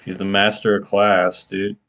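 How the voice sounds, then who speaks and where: A man's voice: low voice, completely flat delivery, measured pace, a bit bright. A man co-hosting a podcast, making blunt, crude offhand remarks. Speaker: podcast co-host. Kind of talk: casual chat.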